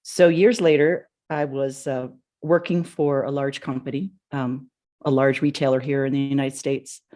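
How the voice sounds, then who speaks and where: A woman's voice: extremely low pitch, little pitch movement, moderate pace, dark tone. Woman telling a leadership story. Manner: conversational anecdotes with small restarts. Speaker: podcast host. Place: home in Idaho, early morning.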